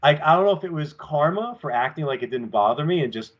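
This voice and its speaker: Animated, rambling male wrestler guest. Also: a little high, fast. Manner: rambling and animated, acting out quotes. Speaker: professional wrestler, podcast guest. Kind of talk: casual storytelling in an interview. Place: home apartment with collectibles shelves.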